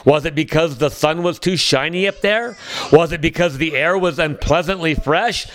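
Man, storybook reader, unhurried, occasional restarts, higher pitch. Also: no echo. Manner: unhurried reading with small slips and restarts. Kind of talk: reading a children's book aloud.

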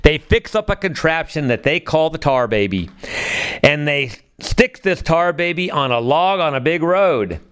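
A man's voice: a little high, expressive, unhurried, fairly bright tone, smooth. A man narrating a storybook in a folksy dialect manner.

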